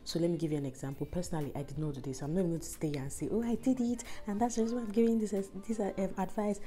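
Woman, deep voice, mellow tone, tired and rough, chatty travel vlog, faint music behind. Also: racing. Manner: chatty, rambling, laughs between thoughts. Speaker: travel vlogger. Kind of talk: casual vlog chat. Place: indoors in a house.

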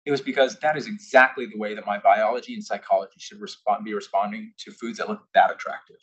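A man's voice: on the low side, steady tone, fast talker, fairly bright tone, breathy edge, muffled recording. A young man giving an invited talk to a live audience, telling a candid personal story and now and then acting out what people said. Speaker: invited speaker. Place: corporate headquarters presentation room.

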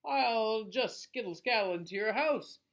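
A man's voice: sits high, animated, unhurried, fairly bright tone, pitched above the performer's own voice, heavily acted. A man doing a clacking storybook skeleton. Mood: playful. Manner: playful, theatrical storybook voice. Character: clacking skeleton, lonely but friendly.

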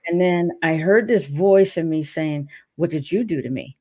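Chatty, low-voiced woman podcast host. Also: normal speed, hardly any pauses. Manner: warm-hearted chatty, enthusiastic reactions. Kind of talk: casual conversational interview.

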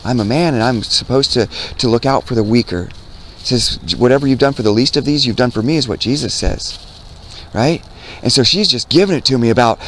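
A man's voice: mid-range voice, expressive, brisk, slight background noise. A man preaching earnestly outdoors to young people, repeating himself, quoting scripture and asking "right?". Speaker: street preacher. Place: outdoors by a road.

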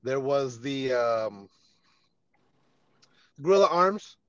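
A man hosting a casual podcast chat, laid-back and quick to laugh and swear. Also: medium pitch, expressive, fairly bright tone, smooth, no room sound, lo-fi sound. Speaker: podcast host.

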